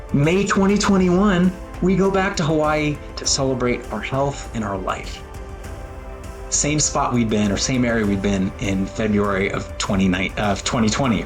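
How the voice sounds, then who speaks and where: A man in his forties telling a personal story in an earnest, emotional way, with pauses and fillers. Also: mid-range voice. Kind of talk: personal talk with photos.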